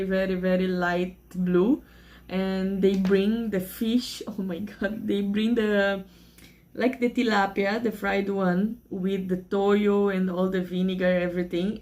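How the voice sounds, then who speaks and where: A Brazilian woman speaks to her channel in casual, earnest English with a clear Brazilian Portuguese accent. Her voice sits at an ordinary middle pitch. She rambles and restarts as she talks, open and emotional, like a native Portuguese speaker reaching for words. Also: a little mellow. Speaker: vlogger. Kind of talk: casual vlog chat to camera.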